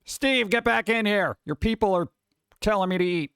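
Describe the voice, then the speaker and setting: A man's voice: high voice, moderate pace, fairly bright tone, clean tone, no echo, clean studio sound. A man rambling casually on a live stream, reading out list items and riffing on them in an offhand way.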